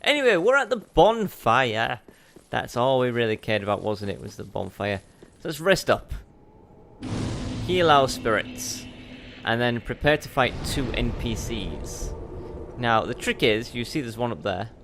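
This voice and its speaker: A man's voice: medium pitch, very animated, a little slow, noisy background. Chatty man narrating his gameplay. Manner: chatty, self-mocking, talks to the game. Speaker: let's play host. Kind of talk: gameplay commentary.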